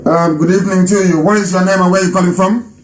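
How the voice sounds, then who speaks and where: A man's voice: sits high, steady tone, fast, slight background noise. A man from Nigeria hosting a live radio broadcast and taking calls, speaking emphatically and repeating phrases for stress. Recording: roomy echo.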